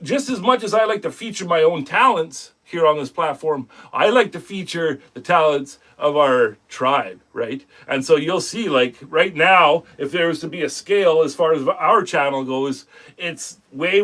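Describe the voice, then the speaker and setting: A man's voice: fairly high pitch, expressive, moderate pace, a bit bright. A man hosting a woodcarving live stream, chatting casually and rambling as he greets viewers by name and talks about his work. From Canada.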